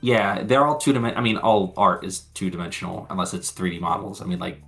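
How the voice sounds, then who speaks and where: A man's voice: deep voice, fairly even intonation, fast talker, a bit bright, faint music behind. Rambling, foul-mouthed man recapping cartoons. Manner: rambling, swears freely, laughs often. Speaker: podcast co-host. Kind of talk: casual chat recapping episodes.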